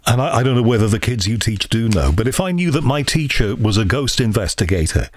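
A man's voice: medium pitch, lively intonation, a little fast, no echo, studio quality. A man from Liverpool with a faded Liverpool accent, hosting a podcast in a rambling, reflective, self-deprecating way. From Liverpool, England. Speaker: podcast host. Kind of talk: casual monologue and interview.

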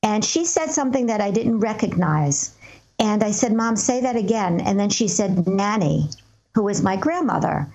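Woman, earnest and calm, interview guest, measured pace. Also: mid-range voice, creaky, highs cut off. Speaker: medium, guest. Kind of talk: interview answers, storytelling.

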